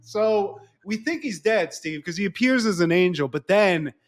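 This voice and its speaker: A man co-hosting a podcast, telling a plot story in an animated, profane, casual way. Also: high-pitched, normal speed. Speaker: podcast co-host. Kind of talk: casual podcast chat recapping a show.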